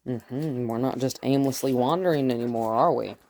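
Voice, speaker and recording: A woman dog trainer who gives calm, firm commands to a dog and explains each step to the viewer. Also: rumbling low, normal speed. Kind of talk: dog training lesson, talking to camera and dog.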